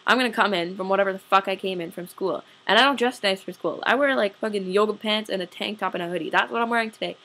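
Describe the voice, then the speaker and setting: A woman's voice: mid-range voice, quick pace, hardly any pauses, sharp tone. A young adult woman, venting to camera in a casual storytime rant full of swearing and "like". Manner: profane, fired-up, heavy use of "like". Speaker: vlogger.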